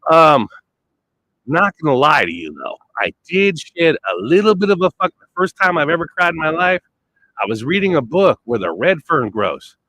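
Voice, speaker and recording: A man's voice: a little high, very animated, normal speed, bright, forceful tone, a little hiss or hum, low-quality recording. A man rambling through a blunt, profane monologue, swearing constantly and trailing off before picking his thread back up. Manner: wandering, trails off and restarts.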